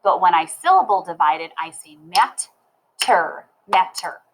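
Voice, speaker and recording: A woman teaching a phonics lesson to young children, sounding out word parts slowly and clearly. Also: on the low side, big pitch swings, low-quality recording.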